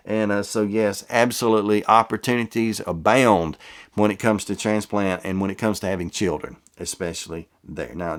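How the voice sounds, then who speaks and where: Man, middle-aged, from the American South, casual, folksy, reads viewer comments aloud. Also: lowish voice. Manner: warm, folksy, stumbles over names. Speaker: transplant vlogger reading viewer comments.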